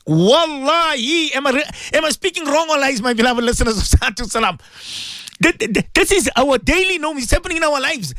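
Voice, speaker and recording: Fervent, high-pitched preacher man. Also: animated, brisk, sharp tone, no echo. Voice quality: emphatic, repetitive preaching with sudden pitch leaps. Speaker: radio presenter giving religious advice. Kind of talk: impassioned radio sermon.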